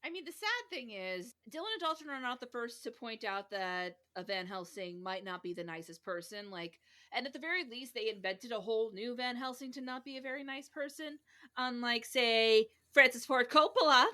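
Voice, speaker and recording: A woman's voice: a little high, normal speed, pushed and bright. A woman co-hosting a podcast in casual chat, thoughtful and analytical. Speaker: podcast co-host.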